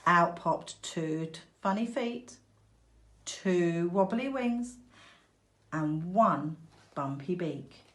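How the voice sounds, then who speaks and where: A woman teacher reading a picture book aloud to young children, slow, clear and expressive. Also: fairly low pitch.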